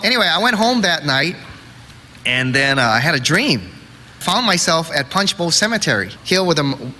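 A middle-aged male preacher from Hawaii tells a story from the pulpit, animated and acting out the voices. His voice is bright and a touch high. It rings with long hall reverb over faint background noise. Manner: animated, acts out quotes and sound effects. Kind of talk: storytelling sermon.

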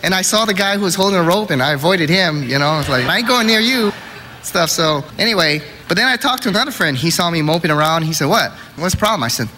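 Animated middle-aged preacher, bright voice. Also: male voice, fairly high pitch, fast talker, hardly any pauses. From Hawaii. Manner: animated, acts out quotes and sound effects. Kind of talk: storytelling sermon. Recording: reverberant hall, faint noise.

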